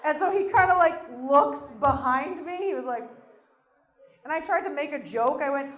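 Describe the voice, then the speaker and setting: Stand-up comedian, woman, high voice, self-deprecating and animated, live-stage mic with a roomy echo. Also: normal speed. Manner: self-deprecating, animated storytelling with acted-out quotes.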